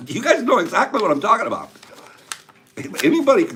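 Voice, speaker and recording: An older man hosting a casual live stream, opening gifts and telling stories in an animated, warm way, laughing now and then. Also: fairly high pitch, fairly quick, pauses often. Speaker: host of a live tea-time stream. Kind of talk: casual chat, opening gifts and reading cards.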